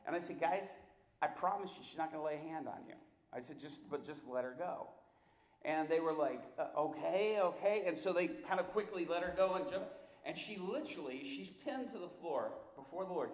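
A man's voice: on the high side, lively intonation, brisk, roomy sound. A male preacher telling a story in a sermon, animatedly acting out the voices of the people in it.

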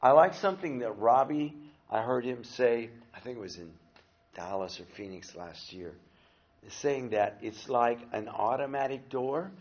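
A male church teacher speaks in an unhurried, middle-pitched voice and brings the characters of his story to life. He moves between retelling events and teaching. The recording sounds dull and lo-fi. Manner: animated storyteller who acts out quotes. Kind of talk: storytelling sermon talk.

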